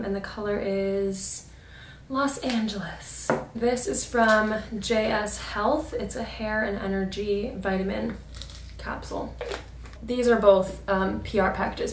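A woman's voice: mid-range voice, fairly bright tone. A young woman in her twenties chatting casually and upbeat in a lifestyle vlog, full of fillers. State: out of breath. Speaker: lifestyle vlogger. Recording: echoey, distant from the mic, with background noise.

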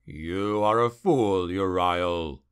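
A proud male dark elf warlord, sneering and imperious, voiced by a man reading a fantasy audiobook. His voice sits low and crisp, with an unhurried, contemptuous drawl. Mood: scornful.

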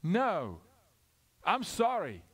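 A middle-aged man preaching a sermon, moving from loud urgent calls to hushed asides, asking questions and acting out short exchanges. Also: high-pitched, wildly swooping pitch, extremely slow, slightly rough. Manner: asks questions, acts out dialogue. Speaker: guest preacher.

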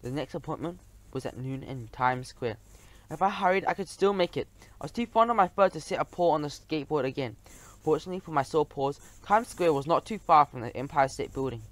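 A man narrating a children's storybook audiobook in a lively, expressive way. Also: on the high side, a little fast, dry recording.

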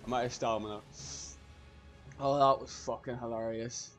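A man giving excitable live gameplay commentary, laughing often and swearing casually. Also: medium pitch, normal speed. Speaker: gaming YouTuber.

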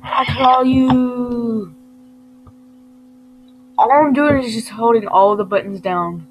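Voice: mid-range voice, slow. A woman giving casual, playful commentary over a video game, scolding her character as she plays. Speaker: gamer commenting on play. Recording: noisy home recording.

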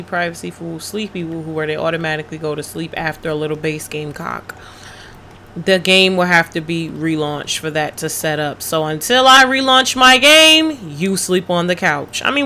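A woman's voice: fairly low pitch, normal speed. A woman streaming a life-sim game, chatting casually with viewers, reading their messages aloud and cursing at the game. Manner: profane, blunt, reacts loudly to the game; reads chat messages aloud and answers them. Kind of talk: casual gaming livestream chat.

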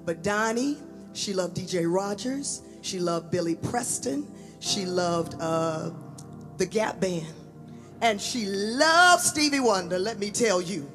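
A woman tells a lively, animated story in tribute to her late mother, acting out the voices as she goes. She speaks in a church at a memorial service. Music plays clearly behind her. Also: medium pitch. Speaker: daughter giving a tribute. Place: church sanctuary.

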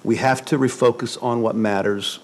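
A man's voice: mid-range voice, fairly even intonation, moderate pace, rough recording. A man, a pastor, giving a conversational sermon in an earnest way, repeating words for emphasis.

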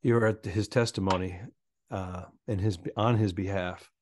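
A stand-up comedian co-hosting a podcast, chiming in with quick wisecracks. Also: male voice, low voice, fairly even intonation, a little mellow. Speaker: podcast co-host. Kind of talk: casual chat.

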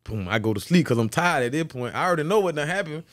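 A man's voice: fast talker, dry recording, clean studio sound. Profane storyteller man. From Florida. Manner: profane, animated storytelling, repeats "boom" as a beat. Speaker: guest, former football player. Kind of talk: casual storytelling interview.

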